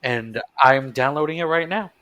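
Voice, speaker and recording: A man's voice: medium pitch, moderate pace, bright, forceful tone. A man co-hosting a podcast, chatting casually and making dry, wry remarks. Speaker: podcast co-host. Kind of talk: casual chat.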